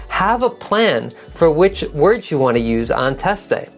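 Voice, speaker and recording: A woman's voice: sits low, sing-song, a little slow, hardly any pauses, soft background music. A woman teaching an online test-prep lesson, practical and encouraging, repeating key phrases to model how they should sound. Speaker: TOEFL teacher.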